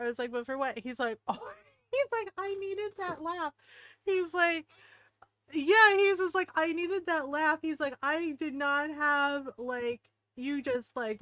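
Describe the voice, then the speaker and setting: A woman's voice: a little high, a bit bright, smooth, no echo. An older woman, a streamer who has grandchildren, telling a story in casual chat, acting out the quotes and laughing often.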